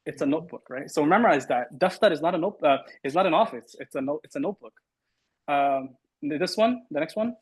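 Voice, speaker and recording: A man's voice: on the high side, expressive, fast, slightly rough, poor audio. A man teaching an online Arabic class, quizzing students and correcting them through repeated words.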